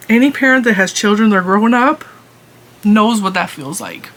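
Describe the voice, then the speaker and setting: Bright, animated woman vlogger, middle-aged, chatty storyteller who laughs easily. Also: medium pitch, slow, pauses often, slight background noise. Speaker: crochet channel host. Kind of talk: casual chat.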